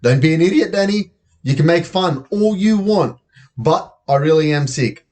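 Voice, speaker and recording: A man voicing a cheeky schoolboy in a children's story, reading his lines with bright excitement. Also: on the high side, moderate pace, voice pushed up, lightly acted. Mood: cagey, cheeky.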